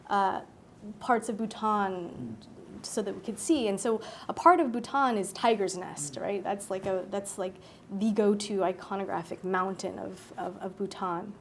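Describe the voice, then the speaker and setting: A woman speaking at a public talk, telling a personal story in an animated way, acting out her own thoughts and laughing often. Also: mid-range voice, measured pace, a little hiss or hum.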